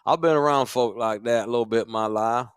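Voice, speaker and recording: A man's voice: mid-range voice, brisk, clear, resonant tone, no echo. Rambling middle-aged man, dry studio sound. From Texas. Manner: loose, rambling storyteller. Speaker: podcast co-host. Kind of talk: casual sports-bar podcast chat. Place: podcast studio in a sports bar.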